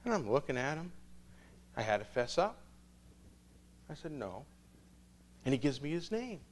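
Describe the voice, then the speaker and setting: A male priest telling stories in a sermon, an animated storyteller who laughs often. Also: on the high side, normal speed.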